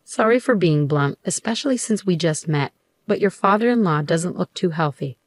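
Brief: woman narrator voicing a steady, protective husband in a story, dry close sound. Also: fairly low pitch, normal speed, no room sound. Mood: firm. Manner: calm and firm. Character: firm, supportive young husband.

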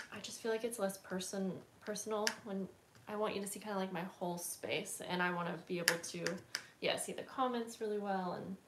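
A woman's voice: medium pitch, fairly bright tone, a little hiss or hum. A woman hosting a casual craft livestream, chatting and rambling with lots of fillers while she stamps and works at her table. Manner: chatty, rambling, many fillers and self-corrections.

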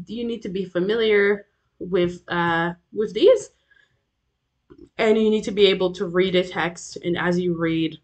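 A woman giving a recorded revision lecture, explaining terms step by step and often checking in with "okay?" between points. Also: fairly low pitch.

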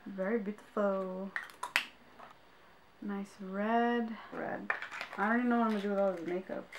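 A woman's voice: medium pitch, steady tone, moderate pace. A young woman vlogging as she unboxes makeup, gushing with exclamations and talking straight to her viewers. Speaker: beauty vlogger. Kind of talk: casual unboxing vlog. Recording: clear background noise.

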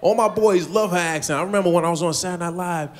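A middle-aged man performing a stand-up comedy routine, animated and punchy, laughing at his own jokes. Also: sits high, racing. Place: comedy stage before a live audience.

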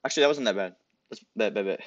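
A man's voice: fairly low pitch, very fast, no room sound. A young man making joking prank calls, chatting casually and laughing with a friend. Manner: joking, giggly banter with a friend. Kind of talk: casual gaming chat. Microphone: headphones with desk mic. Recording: dull lo-fi audio.

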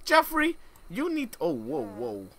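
A man's voice: a little high, huge pitch swings, slow pace, crowd noise. Young guy joking around while playing a life sim, slangy, voice all over the place. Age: young adult. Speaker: gamer. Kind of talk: let's play commentary.

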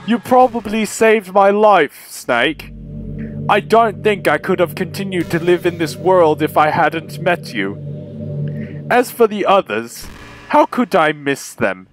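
A man voicing an obsessive, lovesick teenage girl from a visual novel, reading her lines in a slow, hushed way. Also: high-pitched, animated, over music. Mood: yearning. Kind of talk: reading game dialogue aloud.

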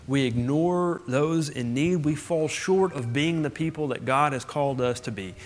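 A man preaching from the pulpit in an earnest voice, pressing home his points with phrase after repeated phrase. His voice sits a touch high for a man. A long reverb trails behind him, as in a big church sanctuary. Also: normal speed, slight background noise. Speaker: pastor. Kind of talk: sermon.

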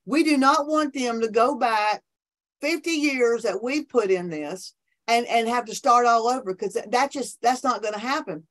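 Enthusiastic woman preaching. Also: fairly high pitch. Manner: enthusiastic, preachy, quick restarts. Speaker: podcast guest, minister. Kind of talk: animated faith conversation. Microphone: remote call from her office.

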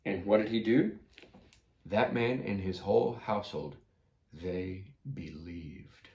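A man's voice: low-pitched, slow, a little mellow, highs cut off. A man teaching a children's Bible class, telling a story and asking his listeners questions. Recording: echoey room.

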